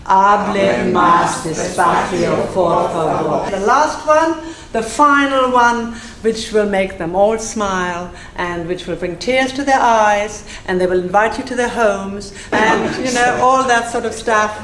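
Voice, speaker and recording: A woman teaching a live class, playful and self-mocking, drilling phrases slowly and then fast. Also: fairly high pitch, a crowd in the background. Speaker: Spanish teacher. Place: classroom with audience. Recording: echoey room with faint ambience.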